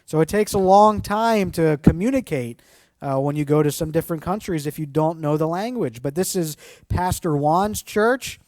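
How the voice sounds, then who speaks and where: A man, a church pastor, giving a friendly children's mission lesson, addressing the kids directly and slowing down over new words. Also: fairly high pitch, darkish tone, no room sound.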